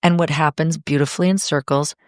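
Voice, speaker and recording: A middle-aged woman talking as a podcast guest in a heartfelt, expressive, emphatic way. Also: low voice, fairly quick, no room sound, clean studio sound. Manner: expressive, emphatic, speeds up when enthused. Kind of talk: heartfelt conversation.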